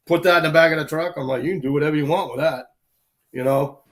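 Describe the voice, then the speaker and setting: A man with a slightly higher voice tells a personal story in loose, rambling fashion. He keeps tossing in "right?" and "like" as he goes, in an easy podcast chat. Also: fairly even intonation, fast. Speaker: co-host telling a story.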